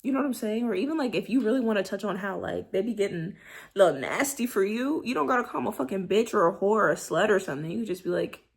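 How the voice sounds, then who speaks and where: A woman's voice: medium pitch, fast talker. Candid, slangy young woman vlogger. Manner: candid, slangy, animated, drops into soft breathy whispers for examples. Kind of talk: casual vlog monologue.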